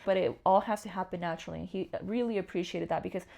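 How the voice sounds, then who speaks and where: A woman's voice: on the low side, quick pace, vocal fry. A young woman as an interview guest, candidly telling personal stories and acting out the voices of people in them. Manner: animated, acts out voices in her stories.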